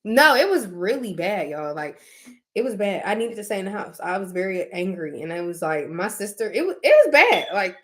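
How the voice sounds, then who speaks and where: A woman's voice: medium pitch, very animated, moderate pace. A woman in her thirties talking candidly to her viewers, emphatic and peppered with "like" and laughs. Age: 30s. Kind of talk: casual heartfelt chat to viewers.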